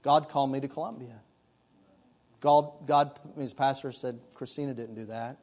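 A middle-aged male pastor preaches conversationally, weaving scripture together with personal stories. His medium-pitched voice is steady in tone, moderately paced, and a little mellow.

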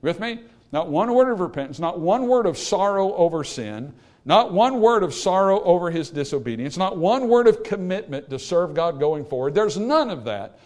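Emphatic preaching man, higher voice. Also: big pitch swings, normal speed, darkish tone. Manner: preaching with rising emphatic calls to the congregation. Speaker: pastor. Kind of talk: sermon.

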